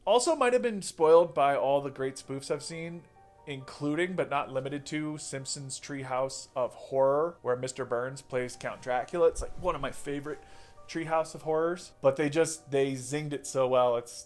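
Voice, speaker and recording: A man casually reviewing horror movies, rambling, swearing and correcting himself as he goes. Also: medium pitch. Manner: rambling, profane, self-correcting.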